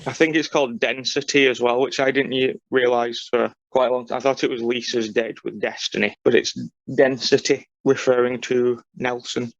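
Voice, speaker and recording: Man, gravelly voice, casual chat, rambling detail, dry dull recording. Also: mid-range voice, fairly even intonation, normal speed, no room sound. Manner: rambling, detail-minded explanations. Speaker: podcast co-host.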